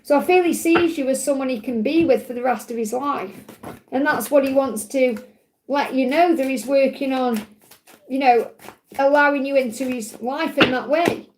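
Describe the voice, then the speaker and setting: High-voiced woman giving live card readings. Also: normal speed, slight background noise. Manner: soothing, reassuring, repeats key phrases. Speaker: tarot reader hosting a live Q&A.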